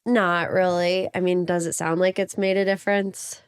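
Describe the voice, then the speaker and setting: A woman's voice: lowish voice, flat delivery, a little fast, a little mellow, smooth. A woman co-hosting a podcast in casual, joking chat. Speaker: podcast co-host.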